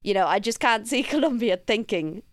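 A woman co-hosting a casual football podcast, laughing often and retelling matches in an animated way. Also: on the high side, normal speed, no room sound. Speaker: podcast co-host.

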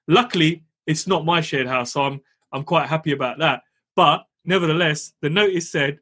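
Husky-voiced man telling a story. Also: fairly high pitch, moderate pace. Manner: animated, laughs while telling, swears casually. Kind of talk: casual storytelling.

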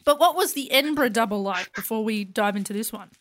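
A woman's voice: on the high side, animated, quick pace, a loud crowd. A woman with a bad cold, co-hosting a casual podcast with playful teasing. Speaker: podcast co-host.

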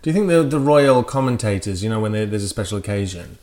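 A man's voice: lowish voice, lively intonation, quick pace, a little mellow. A man co-hosting a podcast, speaking hesitantly with dry humor in casual chat. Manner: hesitant, dry, with mock commentary. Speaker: podcast co-host.

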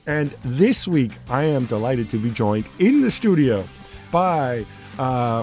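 A man's voice: mid-range voice, a little mellow. A man hosting a football podcast in a studio, playing devil's advocate with a dry, sarcastic edge. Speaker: podcast host.

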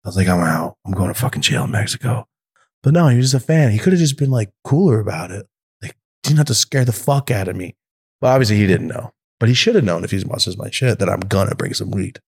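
A man, a podcast guest, telling stories in a casual, profane and animated way and acting out the voices of the people in them. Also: on the low side, fast, breathy edge. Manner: profane, animated, acts out quotes. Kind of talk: casual storytelling.

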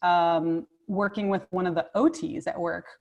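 A woman guest speech therapist talking casually over a video call, enthusiastic and quick to laugh. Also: fairly low pitch, fairly even intonation, darkish tone, muffled recording. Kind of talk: casual interview chat.

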